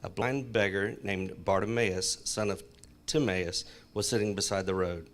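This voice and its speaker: A man in a church Bible class reading a scripture passage aloud, clear and expressive. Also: low voice, a little slow.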